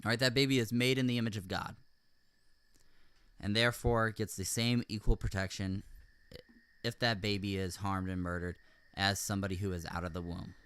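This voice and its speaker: Emphatic man, smooth dry voice. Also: fairly low pitch, steady tone, a little fast, a bit bright, no room sound. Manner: emphatic, often adds "all right?". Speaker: podcast host. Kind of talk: casual commentary discussion.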